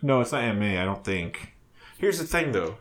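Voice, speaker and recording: A man's voice: lowish voice, sing-song, moderate pace, fairly bright tone. Rambling, foul-mouthed male podcast co-host. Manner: rambling, profane, jumps between thoughts. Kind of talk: casual chat.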